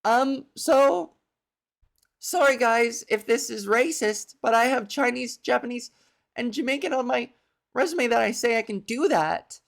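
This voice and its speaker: A woman's voice: fairly high pitch, moderate pace, vocal fry. A Canadian woman hosting a comedy podcast, telling a rambling, self-deprecating story and acting out the people in it.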